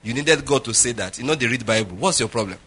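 A man's voice: mid-range voice, lively intonation, fast, a bit bright, slightly rough. A middle-aged man preaching a sermon, telling stories with jokes and Pidgin asides. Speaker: pastor.

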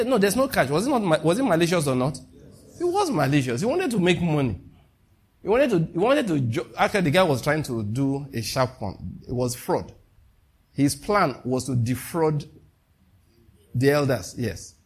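Man, preacher, sermon, husky, slightly high voice, rhetorical questions. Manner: rhetorical questions, animated, laughs at own jokes.

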